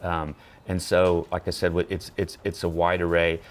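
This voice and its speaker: Brief: male guest, deep voice, animated anecdotal storyteller, stumbles and restarts, unscripted interview. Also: moderate pace, a little hiss or hum. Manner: frequent restarts and stammers. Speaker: therapy dog volunteer guest.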